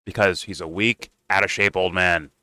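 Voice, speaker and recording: A man's voice: deep voice, fairly even intonation, normal speed, pushed and bright, no echo, poor audio. Blunt, profane male commentator. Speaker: political commentator. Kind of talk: casual reaction commentary.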